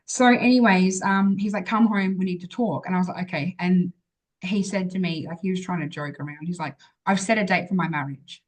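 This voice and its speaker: A woman's voice: on the low side, brisk, low-quality recording. Chatty woman telling a story. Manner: chatty, many filler "like"s, acts out dialogue. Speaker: interview guest. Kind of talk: casual personal storytelling.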